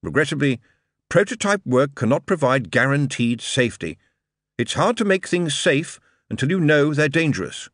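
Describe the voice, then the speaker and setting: A man's voice: on the high side, big pitch swings, moderate pace, fairly bright tone, no echo, studio quality, voice pushed up. A man voicing a glib, charming male showman who talks in a persuasive, theatrical, emphatic way.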